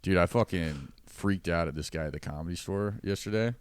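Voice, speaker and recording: A man's voice: low-pitched, fairly quick, a little hiss or hum. A man, a comedian guest, telling rambling, profane stories in casual podcast chat.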